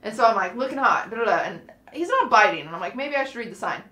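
Animated young woman telling a story, roomy echo. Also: on the high side, fast talker. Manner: animated storyteller, acts out quoted lines. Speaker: podcast co-host. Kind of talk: casual storytelling chat. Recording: roomy, echoey sound.

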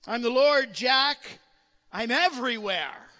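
Voice of God from above, played by a preacher, firm and commanding, high and ringing. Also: male voice, lively intonation, slow, full character voice. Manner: loud, firm calling. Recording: long hall reverb.

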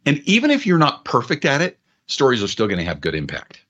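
A man's voice: medium pitch, huge pitch swings, quick pace, a bit bright. A man, an author and podcast guest, telling anecdotes and retelling conversations. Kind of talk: storytelling in conversation.

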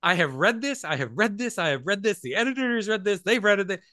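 A man hosting a casual podcast chat, telling stories lively, acting out quotes and laughing often. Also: high-pitched, quick pace. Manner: animated storyteller who acts out quotes, laughs often. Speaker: podcast host.

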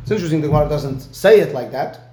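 A man's voice: on the high side, lively intonation, very fast, mellow. Man teaching Talmud in an echoey room. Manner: explains step by step, checks in with "right?". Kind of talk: one-on-one Talmud lesson.

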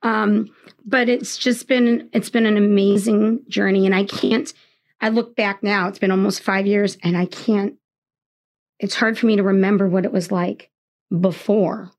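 A middle-aged woman, a teacher, telling a personal faith story in a radio interview in an earnest, halting, reflective way. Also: mid-range voice, level tone, darkish tone. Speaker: third grade teacher, guest.

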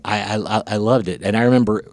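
Podcast host, male, lilt, lowish voice, halting and chatty storyteller. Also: fairly even intonation, dry recording. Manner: halting, many restarts and repeated words. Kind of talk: casual storytelling chat.

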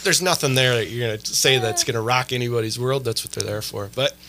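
A man hosting a casual podcast chat, telling animated family stories with lots of fillers and restarts. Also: mid-range voice, fast talker, slight background noise. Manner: animated storyteller, many fillers. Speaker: podcast host.

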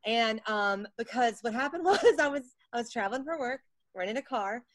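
Middle-aged lady guest on a podcast, super animated storyteller, pitch all over the place, kinda high, dry close sound. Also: moderate pace, no echo. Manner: animated, self-mocking storyteller who acts out quotes. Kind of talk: casual storytelling chat.

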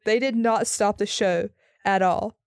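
A young woman, a podcast co-host, tells her story with a slightly raspy, hoarse edge and quick, animated asides. Her pitch sits mid-range for a woman. The sound is close and dry, with no room echo. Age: young adult. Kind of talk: casual storytelling chat.

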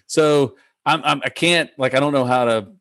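A young man with a Southern accent telling a rambling, animated story as a guest on a casual podcast, full of restarts and fillers. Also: medium pitch, moderate pace, dry recording, clean studio sound. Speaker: professional golfer guest.

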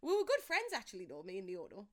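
A woman's voice: medium pitch, wildly swooping pitch, fast. A young woman, chatting casually as a podcast co-host, teasing and dry. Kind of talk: casual chat.

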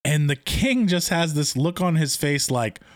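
A man co-hosting a casual podcast, recapping a TV episode in an excited, rambling way with many restarts. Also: a little high, a little slow. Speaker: podcast co-host.

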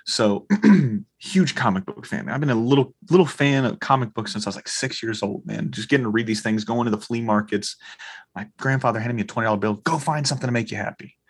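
A man's voice: brisk, breathy edge. A man in his thirties chatting casually, telling a story with lots of acted-out dialogue and swearing. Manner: animated storyteller, acts out quoted dialogue with big pitch jumps, swears freely. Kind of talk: casual chat.

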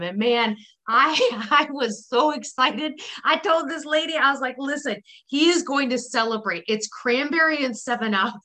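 High, bright giggly woman. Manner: giggly, teasing. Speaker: podcast co-host. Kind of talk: casual chat.

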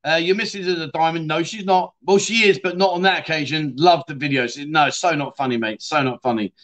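A man's voice: fairly high pitch, a little fast, fairly bright tone. A man hosting a casual livestream, reading out viewer comments and chatting back with frequent "mate" and the odd swear word. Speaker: livestream host.

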